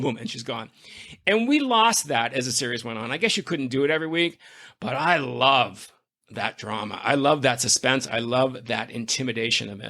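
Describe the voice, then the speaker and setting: A man's voice: medium pitch, bright, forceful tone. A man hosting a podcast in casual chat, an effusive storyteller who gushes with enthusiasm. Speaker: podcast host.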